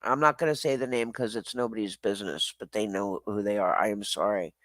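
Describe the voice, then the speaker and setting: A man's voice: fairly low pitch, fairly quick, fairly bright tone, no room sound. A man hosting a casual livestream, rambling and swearing as he reacts to viewer comments, laughing often and apologizing. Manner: rambling, profane, self-deprecating, laughs often. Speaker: livestream host.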